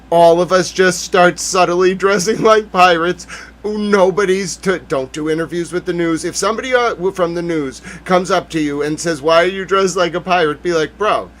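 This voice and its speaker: High-voiced excitable American man ranting. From United States. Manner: excitable, laughing, mock-serious rants. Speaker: livestream news recap host. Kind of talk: comedic livestream commentary.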